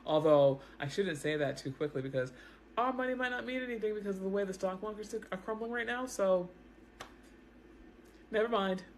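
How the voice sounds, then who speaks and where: A woman talking straight into her own camera, explaining the news in a loose, animated way and often doubling back on her words. Her voice is clear, with a faint hum of noise behind her. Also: medium pitch, normal speed. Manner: animated, repeats words, talks straight to viewers. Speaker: news commentary vlogger. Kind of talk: casual explanatory commentary to camera. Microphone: self-recorded camera setup.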